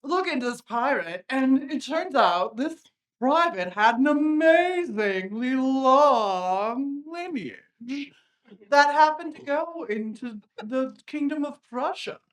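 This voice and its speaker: A woman's voice: sits high, expressive, slow. A woman improvising a self-important, boastful military general at a live tabletop game, haughty and given to giggles. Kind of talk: live improvised character play. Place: convention stage before a live audience.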